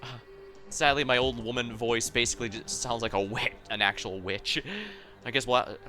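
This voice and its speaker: A man's voice: medium pitch, fairly even intonation, normal speed, pushed and bright, soft background music. A man streaming a game, chatting casually in a rambling, self-correcting way full of asides. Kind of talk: casual gameplay commentary.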